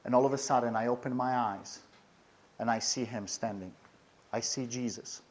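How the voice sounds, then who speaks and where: Man, personal testimony, earnest, intense, repeats himself, mid pitch. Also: normal speed.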